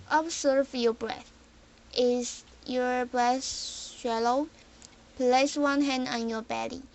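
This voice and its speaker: A young woman, a student, reading an article aloud in a halting way, often restarting words she cuts off. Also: fairly high pitch, rough recording. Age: young adult.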